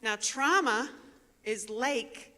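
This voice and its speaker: A woman tells a personal story from a stage, teasing herself and calling out to the listeners. Her voice is bright and sharp. It rings out into the long reverb of a large performing hall. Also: on the high side, extremely slow. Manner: animated and self-mocking, addresses the audience directly. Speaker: invited speaker. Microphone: stage microphone.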